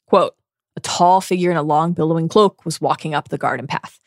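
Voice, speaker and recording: A woman's voice: low-pitched, brisk, darkish tone, no echo, studio quality. A woman co-hosting a book podcast, reading a scripted, earnest and analytical discussion. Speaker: podcast co-host.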